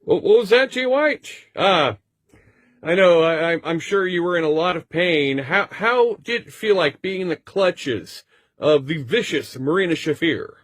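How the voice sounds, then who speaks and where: A man's voice: a little high, lively intonation, measured pace, fairly bright tone, dry recording. A man playing a mock sports reporter in a comedy bit, over-the-top and indignant. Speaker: comedy correspondent.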